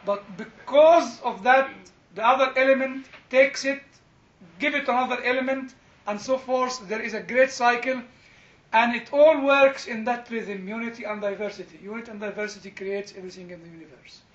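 Older man lecturing, high bright voice. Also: steady tone, normal speed. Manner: anecdotal, digressive, laughs often, many "you know" fillers. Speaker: theology lecturer. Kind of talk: informal lecture with class interaction. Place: classroom. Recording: dull, roomy lecture-hall recording.

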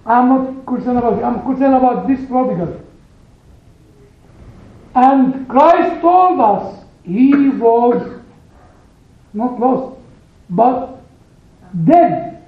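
With an extremely high pitch, a Bible study teacher narrates a story for a small group, animated and emphatic, pausing to lean on individual words. The sound is phone-like, and the room echoes.

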